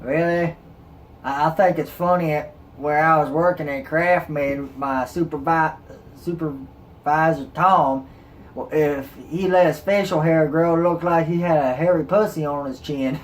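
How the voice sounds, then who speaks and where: A man's voice: a little high, fairly even intonation, a little slow, a little hiss or hum. A man co-hosting a casual chat, telling crude stories in a put-on Southern drawl. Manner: crude joking, storytelling. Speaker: co-host.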